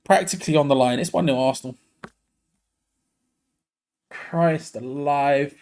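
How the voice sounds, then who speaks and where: A young man doing live fan commentary on a match, excitable and groaning in frustration. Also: medium pitch, rapid-fire, gravelly. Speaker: fan watch-along host.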